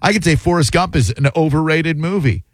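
Radio host guy, kinda high voice, dry studio sound, goes on opinionated tangents. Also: fairly quick, no room sound. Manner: opinionated, rambling riffs. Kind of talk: casual radio chat.

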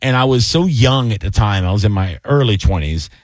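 A man in his thirties co-hosting a radio talk show, an animated storyteller who slips into mock DJ and anchor voices. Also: fairly low pitch, fairly quick, dry recording. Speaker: radio co-host. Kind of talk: casual chat.

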